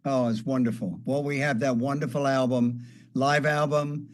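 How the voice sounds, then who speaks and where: A man's voice: mid-range voice, fairly even intonation, normal speed. An older man, a guest guitarist, fondly reminiscing in a casual chat with light jokes.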